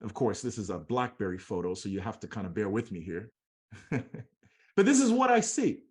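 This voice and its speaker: A young man giving a motivational training talk as an MLM trainer, telling a personal story in a slangy, animated way and acting out the dialogue. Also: lowish voice, normal speed.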